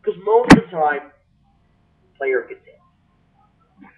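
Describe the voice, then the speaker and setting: A man ranting comically on a webcam, his voice leaping into shrill exaggerated bursts and swinging widely in pitch. He sits a little back from the mic, and the sound is thin and tinny, like a phone line. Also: very animated, very slow, recorded from a distance, heavy background noise. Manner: exaggerated, jumps into shrill high-pitched outbursts. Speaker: comedy vlogger.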